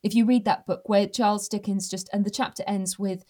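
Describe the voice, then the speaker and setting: Animated, expressive woman storyteller. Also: medium pitch, a little fast, hardly any pauses. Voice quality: animated, expressive storyteller, swings loud and soft. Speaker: podcast guest. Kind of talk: casual interview chat. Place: at home.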